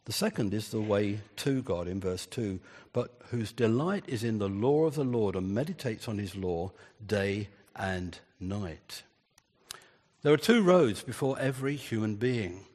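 A man's voice: mid-range voice, a little mellow, husky, big-room sound. An older man preaching a sermon in an earnest way, building emphasis through repeated phrases.

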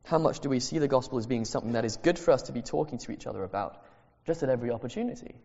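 A man's voice: medium pitch, very fast, gravelly, a little mellow. A man preaches to his congregation, earnest and insistent, circling back to the same phrases to drive them home. His mid-range voice carries a long reverb through the church. The sound is dull and lo-fi. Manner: earnest, repeats key phrases for emphasis. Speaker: pastor. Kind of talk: sermon. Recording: echoey hall, dull lo-fi sound.

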